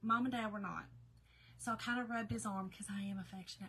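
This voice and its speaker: Lady chatting to her viewers, bright voice, says y'all a lot, pretty emotional, a bit of hiss behind. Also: medium pitch, steady tone, fast talker, poor audio. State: tearful at times. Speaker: craft seller and storyteller. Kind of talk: casual chat to viewers.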